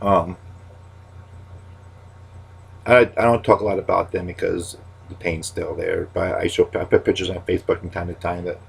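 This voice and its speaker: Low, gravelly man rambling to camera. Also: little pitch movement, moderate pace, long pauses. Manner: rambling, with many restarts and catchphrases; goes quiet and subdued when talking about loss. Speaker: stand-up comic. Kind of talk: casual talking-to-camera monologue.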